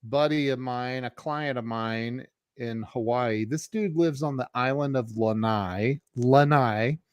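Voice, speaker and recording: Male podcast host, relaxed unhurried delivery, dry recording, upbeat reactions. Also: mid-range voice, clear, resonant tone, no room sound. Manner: enthusiastic, chatty reactions. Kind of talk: casual conversation.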